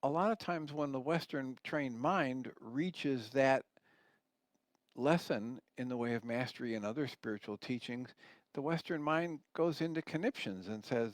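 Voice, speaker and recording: An earnest man in a radio teaching talk reads passages aloud and explains them patiently. His voice sits at an ordinary middle pitch. The recording is dry, with no room sound around it. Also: measured pace, no room sound. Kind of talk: radio teaching talk, reading and commenting on a book.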